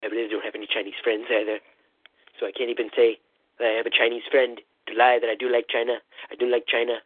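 A man doing a comic impression of a rambling, boastful male president, calling in over a phone line with a husky voice. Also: medium pitch, level tone, fast, dry recording, lightly acted. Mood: blustering. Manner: rambling, repetitive "listen", boastful bluster. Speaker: comedy caller. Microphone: phone call-in. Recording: tinny phone line, dry.

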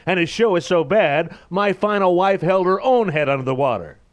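A man doing a famous actor's halting drawl. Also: high voice, expressive, no echo. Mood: deadpan. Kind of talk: comic radio promo.

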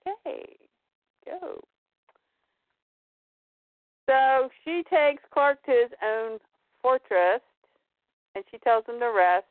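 A woman's voice: a little high, no room sound. A woman chatting casually as a comic book podcast co-host, summing up a story and briefly acting out its characters. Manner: animated, acts out lines of characters in quick voices. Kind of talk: casual chat recapping comics. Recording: tinny phone-like dry sound.

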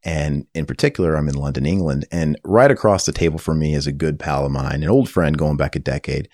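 Very deep-voiced man hosting a podcast. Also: brisk, dry recording, studio quality. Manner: energetic, rambling with fillers. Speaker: podcast host. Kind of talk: casual podcast chat. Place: table in a room.

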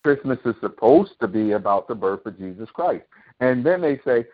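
Male talk host, mid-pitched, heated preachy rant with sarcastic questions; narrow, phone-like audio. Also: lively intonation, moderate pace. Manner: impassioned, preachy ranting with profanity. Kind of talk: opinionated monologue. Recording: tinny phone-like sound.

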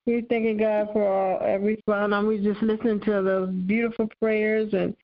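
A woman's voice: medium pitch, little pitch movement, moderate pace. A woman calling in to a prayer line, praying fervently and giving thanks. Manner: fervent, praising. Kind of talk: spontaneous spoken prayer. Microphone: phone line. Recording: dull lo-fi conference call.

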